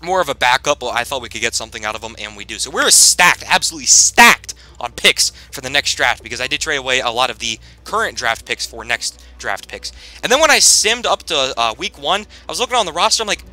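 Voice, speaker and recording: A man giving casual, rambling gameplay commentary as he plays, with sudden loud bursts of hype. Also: mid-range voice, big pitch swings, brisk, hardly any pauses, no room sound, soft background music. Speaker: gaming commentator.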